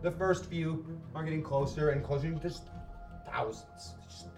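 Male game master, measured descriptive narration; distant roomy recording with music bed. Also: a little high. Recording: echoey room, far from mic, music behind.

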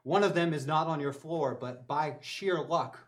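A man narrating a tabletop game as game master, relaxed and descriptive. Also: on the high side, measured pace.

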